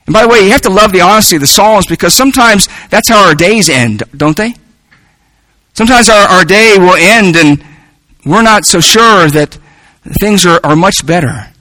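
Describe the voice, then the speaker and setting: A man's voice: sits high, expressive, normal speed, pushed and bright, no echo, poor audio. A man preaching a sermon in an earnest way, often repeating words as he works toward a point.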